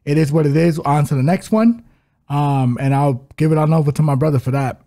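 A man's voice: on the high side, a little fast, dark tone. A man co-hosting a podcast, recapping bets in an easygoing, teasing way. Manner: easygoing, laughs, brotherly teasing. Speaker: co-host of a fight-betting podcast. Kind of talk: casual podcast chat, betting recap.

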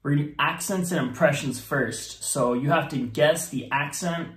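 A man on a couple's vlog, explaining the rules of a party guessing game in a relaxed, playful way. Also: fairly high pitch, moderate pace, roomy sound, recorded from a distance. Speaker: vlogger, game host.

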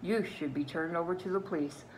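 A woman's voice: lowish voice, fairly quick, slight background noise, close to an everyday voice, poor audio. A woman with a Newfoundland accent reading the lines of a brave teenage girl detective, firm and defiant.

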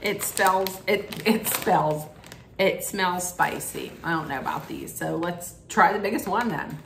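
Slow, chatty woman in a roomy space. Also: fairly low pitch, creaky, fairly bright tone, a little hiss or hum. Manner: chatty, candid, thinks aloud while tasting. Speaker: snack unboxing vlogger. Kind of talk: casual unboxing and taste-testing vlog. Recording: roomy echo.

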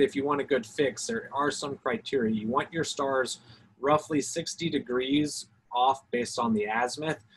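Husky Alabama man explaining navigation. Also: medium pitch, low-quality recording. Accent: Alabama Southern US. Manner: explanatory, self-hedging, talks through steps. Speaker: Coast Guard guest expert. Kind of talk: informal technical Q&A talk.

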